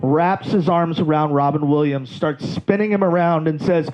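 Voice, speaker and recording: Brief: male comic, club set, animated rambling storyteller, muffled low-fi audio. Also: normal speed, heavy background noise. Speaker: stand-up comedian. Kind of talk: stand-up storytelling. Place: comedy club stage.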